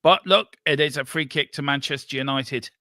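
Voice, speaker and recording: A man hosting a football watchalong, calling the play live with excitable banter. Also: medium pitch, moderate pace, no echo, clean studio sound. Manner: excitable, running commentary with banter. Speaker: watchalong host.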